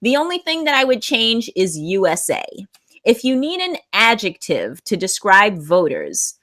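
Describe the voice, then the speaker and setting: A woman teaching a live online English class, patiently reading out students' sentences and gently correcting them. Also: mid-range voice.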